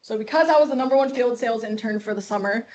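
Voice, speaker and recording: Young woman from Chicago, guest speaker, animated storyteller, slightly high voice. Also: fast talker. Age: 20s. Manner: lively, acts out quoted dialogue. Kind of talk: storytelling talk to a class. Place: classroom.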